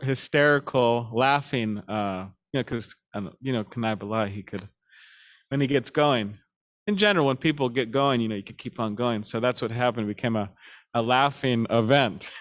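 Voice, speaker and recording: A man leads a devotional class in a loose, conversational way. He stops and restarts often, fills pauses with ums, and his mid-range voice carries an easy chuckle through his stories. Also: mid-range voice, a bit bright. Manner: halting, with many fillers and restarts; chuckles while telling stories. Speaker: speaker giving a scripture class.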